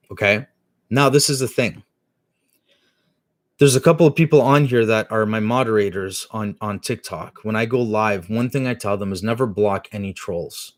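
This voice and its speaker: Rambling middle-aged man with a low voice. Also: dry recording, studio quality. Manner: rambling storytelling with many restarts and fillers. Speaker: live-stream host. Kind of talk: casual live-stream chat.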